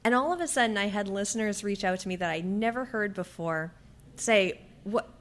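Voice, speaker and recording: A woman, an author and podcaster, talking as a guest in a conversational interview, telling lively stories, acting out her own dialogue and laughing often. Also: medium pitch, brisk.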